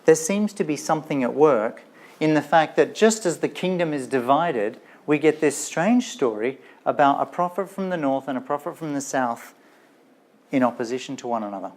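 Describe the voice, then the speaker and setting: Male lecturer, lively storyteller asking the audience questions. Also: a little high, moderate pace. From Australia. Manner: animated storytelling with rhetorical questions and playful asides. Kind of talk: Bible lecture.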